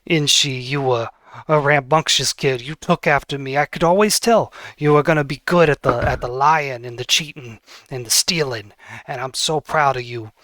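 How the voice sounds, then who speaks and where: A man voicing the ghost of a roguish old father who speaks fondly and haltingly to his son. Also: medium pitch, pushed and bright, no room sound, close to an everyday voice. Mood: tender.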